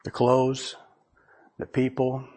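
A man's voice: mid-range voice, completely flat delivery, slow, darkish tone. A man preaching a conversational sermon, folksy and chuckling often as he reads scripture aloud. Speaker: pastor.

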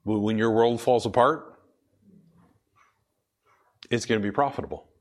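A man preaching a sermon emphatically, slowing down to stress his points and asking questions that he answers himself. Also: mid-range voice.

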